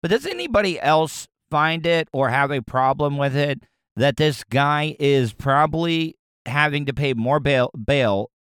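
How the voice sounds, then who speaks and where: Crude joking radio host guy, smooth clear voice, dry close sound. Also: on the high side, lively intonation, unhurried, a bit bright, no echo. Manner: crude, joking, rambling with restarts. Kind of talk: casual comedic commentary.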